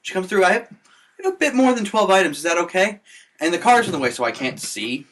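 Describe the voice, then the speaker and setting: A young man co-hosting a podcast, telling work stories in an animated, casual way. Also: sits high, fast talker. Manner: animated storyteller. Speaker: podcast co-host. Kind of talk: casual chat.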